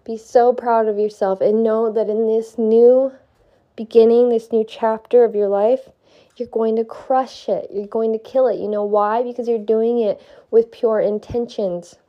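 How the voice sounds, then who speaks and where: Slow, earnest young woman with a stuffy nose. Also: fairly high pitch, steady tone, dull audio. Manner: earnest, heartfelt, swears for emphasis. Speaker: vlogger. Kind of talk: spiritual pep talk to viewers.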